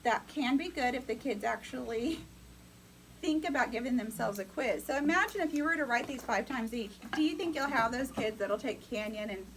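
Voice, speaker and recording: Woman, upbeat teacher, higher voice, faint background noise. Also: lively intonation, normal speed, low-quality recording. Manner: upbeat, coaching, calls on students. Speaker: teacher educator. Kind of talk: classroom lecture.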